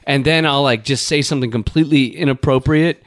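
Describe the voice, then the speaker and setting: A middle-aged man hosting a casual podcast, rambling through stories and squeaking out quoted lines. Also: fairly even intonation, fast talker, dry recording, studio quality. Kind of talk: casual banter.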